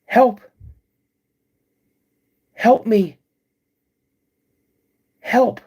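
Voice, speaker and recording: A man putting on a creature's shrill cry for help. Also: extremely slow, dark tone, slightly rough, full character voice. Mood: desperate. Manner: pleading cries for help. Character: sickly naked creature calling in a woman's voice.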